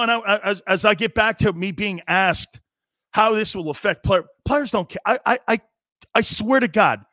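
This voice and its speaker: Middle-aged guy ranting on sports radio, kinda high voice, punchy and blunt, dead dry sound. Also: a bit bright, dry recording. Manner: emphatic, blunt, acts out quoted players. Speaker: host. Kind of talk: sports talk radio monologue.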